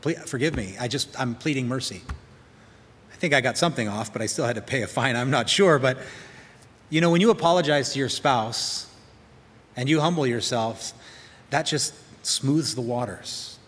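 A man preaching a storytelling sermon at a middle pitch. He drops into a softer voice for quoted lines. His voice rings with a long hall reverb. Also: moderate pace. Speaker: pastor.

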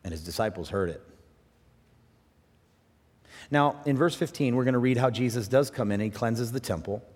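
A man pastor preaching a sermon with passion, swinging from loud, rising bursts to quiet, low drops. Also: quick pace. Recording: long reverb in a large hall.

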